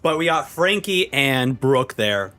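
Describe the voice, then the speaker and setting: A man hosting a manga reaction video, reading the chapter aloud and reacting with excitable energy. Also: mid-range voice, measured pace, soft background music. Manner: animated and excitable, acts out characters' lines. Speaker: manga reaction channel host.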